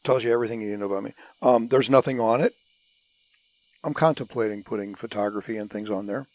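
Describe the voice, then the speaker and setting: Blunt, animated man, casual guest. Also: lowish voice, quick pace, poor audio. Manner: blunt, animated, self-described curmudgeon. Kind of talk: casual chat.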